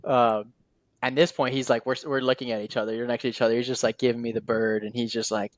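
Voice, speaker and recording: A man with a middle-pitched voice tells a long personal story in a relaxed podcast chat. He fills his sentences with "like" and acts out what people said. The sound is dry and close. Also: quick pace, no echo. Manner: storytelling with many "like" fillers and quoted dialogue. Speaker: series guest. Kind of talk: casual podcast conversation.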